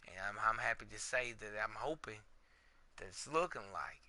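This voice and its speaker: A man's voice: on the low side, lively intonation, moderate pace, pushed and bright. A man, a podcast host giving a candid, emotional monologue in a blunt and profane way.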